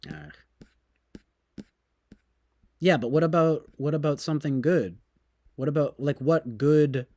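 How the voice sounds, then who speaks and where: A man's voice: fairly high pitch, lively intonation, measured pace, long pauses, mellow, no room sound, studio quality. A man streaming, talking casually in a sarcastic, mocking and rambling way.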